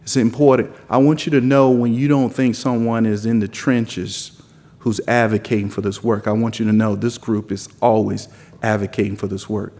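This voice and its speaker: A low-pitched man with a softened Southern drawl delivers a rousing opening speech at a lectern. He stacks his points into repetitive, building lists. His voice rings out with the long reverb of a big conference hall. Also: level tone, normal speed. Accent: mild Southern US drawl. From South Carolina. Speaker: conference speaker giving opening remarks. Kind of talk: impassioned keynote speech.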